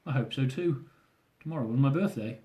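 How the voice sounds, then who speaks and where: A man's voice: mid-range voice, fairly quick, mellow. A young man reading aloud from his own travel memoir, with dry, self-mocking humour.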